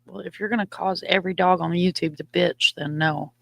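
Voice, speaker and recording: Southern woman host, casual and playful, lower voice, dry sound. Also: fairly even intonation, brisk, creaky, dry recording. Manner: chatty, playful, swears casually. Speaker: livestream host. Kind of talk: casual livestream chat. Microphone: computer mic on a live stream.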